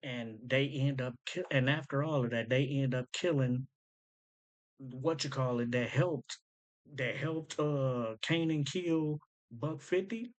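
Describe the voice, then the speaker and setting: Swobodny mężczyzna o zwyczajnym, średnio wysokim głosie rozkłada na części teksty rapowe. Myśli na głos, powtarza wersy i tłumaczy je luźnym slangiem. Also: male voice, medium pitch, slow pace. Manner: thinks aloud, repeats lines back, slangy and loose. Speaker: host breaking down rap lyrics. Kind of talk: casual commentary.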